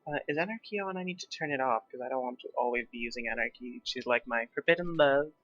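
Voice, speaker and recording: A man's voice: medium pitch, fast, a bit bright. A young man who is not a native English speaker, with an accent that mixes British and American, chatting through gameplay while thinking aloud and joking at his own expense. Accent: mixed British and American. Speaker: gaming YouTuber. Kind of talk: casual gameplay commentary. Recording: slightly dull lo-fi mic, faint background music.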